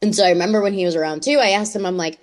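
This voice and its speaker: A woman telling a story in casual podcast chat, animated and expressive. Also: medium pitch, rapid-fire. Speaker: podcast panelist.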